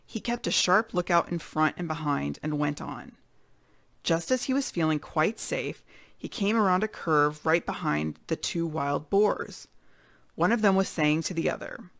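A woman reading a children's chapter book aloud with expressive storytelling. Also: deep voice, measured pace, vocal fry, no echo. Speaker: read-aloud narrator.

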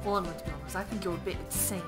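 A woman playing Ciel, a bossy young boy earl, in cosplay role-play over a video game. She teases dryly and breaks into laughing shouts. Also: fairly low pitch, rapid-fire, close to an everyday voice. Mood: haughty. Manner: bossy, dry teasing, bursts into laughing shouts. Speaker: gaming channel host. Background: game music.

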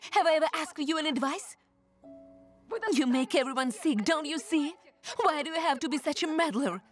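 A woman dubbing a bitter, grieving young wife in a TV drama who shouts high and sharp. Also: moderate pace, faint music behind, natural voice. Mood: furious. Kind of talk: dubbed TV drama.

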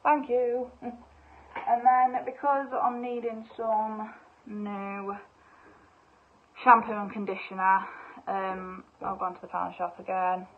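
A young woman, bubbly and excitable, chatting casually through a shopping haul with lots of fillers. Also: mid-range voice, slow pace. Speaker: vlogger. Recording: tinny phone-like sound.

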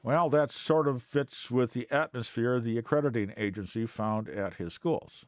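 A man's voice: mid-range voice, normal speed, a little mellow, no room sound, studio quality. A man giving an unscripted Bible teaching, hesitant with many fillers and restarts, then pressing points with scornful emphasis.

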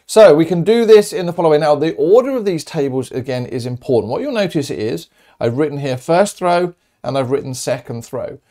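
Middle-aged male maths teacher, upbeat and chatty, lively pitch, talks to students directly. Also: fairly quick. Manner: chatty, upbeat and encouraging, talking straight to students. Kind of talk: recorded video lesson.

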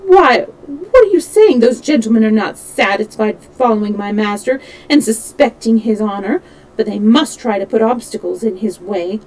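A woman voicing an excitable, tipsy male French manservant who speaks indignantly and with emphasis. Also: medium pitch, normal speed, close to an everyday voice, poor audio. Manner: indignant, exclaiming.

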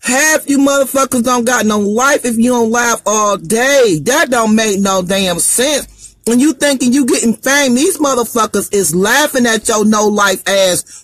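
A man's voice: very high voice, fairly bright tone, no room sound, studio quality. A male comedian ranting on a live stream, brash and profane, slipping into a sing-song, preaching delivery.

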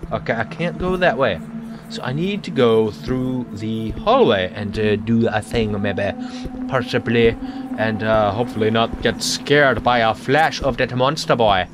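A man's voice: mid-range voice, unhurried, over music. A man hosting a horror game let's play, talking in a playful way with silly made-up words.

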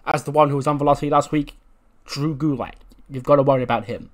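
A man's voice: on the high side, fairly even intonation, fast, lightly acted. A man reading as a smug young wrestler. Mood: smug, cryptic. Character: cocky young male wrestler, cryptic and smug.

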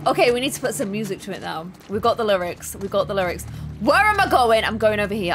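A young woman streaming a game live, excitable, panicking and rambling with her chat. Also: medium pitch, quick pace, faint music behind. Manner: excitable, shifts into loud panic and chatty rambling. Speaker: gaming streamer. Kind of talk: live let's play commentary.

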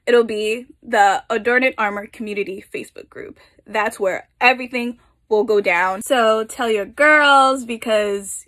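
A woman's voice: fairly high pitch, a bit bright. A young woman author chatting casually to her viewers, upbeat and a little out of breath while in a rush. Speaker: author and channel host. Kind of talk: casual chat to camera.

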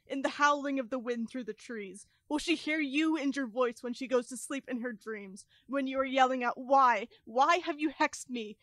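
A woman voicing a taunting inner voice, high. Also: fairly bright tone, dry recording. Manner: accusing, rising to intense repetition. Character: taunting woman voice haunting a silenced nymph. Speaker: stage actor. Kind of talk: experimental theater monologue.

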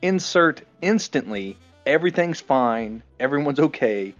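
A man co-hosting a casual movie-review podcast, an animated storyteller who swears freely. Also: a little high, a little slow, muffled recording, faint music behind. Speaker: podcast co-host. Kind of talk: casual movie-review chat over beer.

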